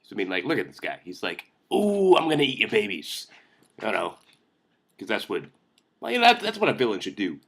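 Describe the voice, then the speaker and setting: A young man hosting a comedic film commentary vlog, sarcastic and excitable, ranting with jokes. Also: lowish voice, fast talker, vocal fry. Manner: sarcastic, excitable, jokey rants. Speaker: vlog host.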